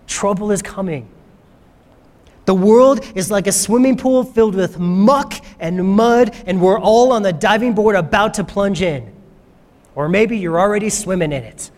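A man's voice: high-pitched, a little mellow. A man preaching a sermon as pastor, fervent and emphatic, often repeating his phrases for effect. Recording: long reverb of a large hall.

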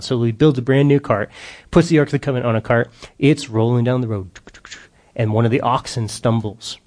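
A man giving an informal sermon to a group, telling a Bible story in a lively, slangy, casual way. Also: mid-range voice, fairly quick.

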